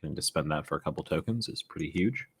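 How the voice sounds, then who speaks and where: A man's voice: a bass voice, quick pace, a bit bright, slightly rough. A man co-casting a board game stream, laid-back and jokey. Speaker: co-caster. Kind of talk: casual board game commentary.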